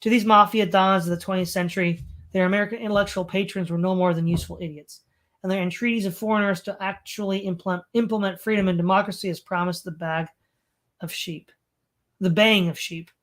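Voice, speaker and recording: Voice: medium pitch, steady tone, a little fast, a bit bright. A stream host reading a text aloud on a home mic, breaking off for sarcastic asides and commentary. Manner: sarcastic asides between read passages.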